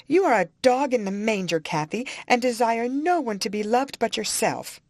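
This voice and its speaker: A woman's voice: mid-range voice, big pitch swings, a little slow, dry recording, clean studio sound, pitched above the performer's own voice. A woman reading an audiobook, voicing a jealous young woman in love who pleads, sobs and grows indignant.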